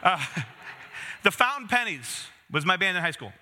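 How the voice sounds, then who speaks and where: Guy in his 30s giving a sermon, really bright voice, a bit high, jokes around w the crowd. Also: sing-song, a little slow. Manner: conversational, self-deprecating humor with asides to the congregation. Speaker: pastor.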